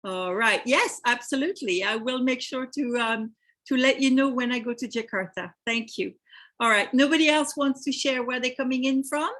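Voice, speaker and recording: A woman with a French accent hosts a live webinar, chatting with attendees and reading their names from the chat. Her voice is high-pitched and a bit bright, at a normal speed.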